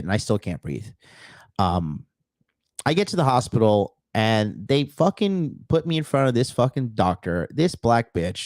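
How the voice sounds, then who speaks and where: A man's voice: medium pitch, a little mellow, dry recording, studio quality. A dating coach telling a personal story to his viewers in a profane, emphatic way. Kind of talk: casual storytelling monologue.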